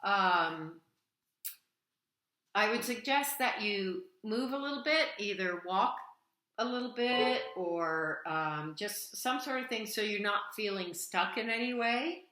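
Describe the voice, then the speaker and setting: A woman's voice: medium pitch, animated, slow pace. A woman voice teacher giving a singing lesson over video, coaxing her student with pet names and sung demonstrations. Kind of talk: online singing lesson, demonstrating vocal exercises. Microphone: camera framed at chest height. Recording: echoey room with loud piano.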